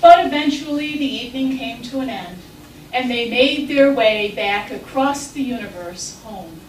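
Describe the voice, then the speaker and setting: A woman telling a story live at a festival in an unhurried, gentle way. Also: a little high, a little hiss or hum. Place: festival stage. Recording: roomy live hall, distant mic.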